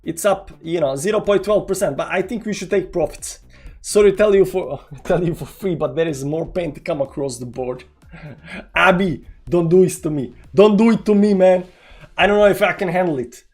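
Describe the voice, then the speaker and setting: A man with a high-pitched, husky voice live-streams his crypto trades at a moderate pace, commenting on a trading chart and talking to his viewers. He swings dramatically between groaning despair at losses and excited cheering at gains, mocking himself and addressing chat.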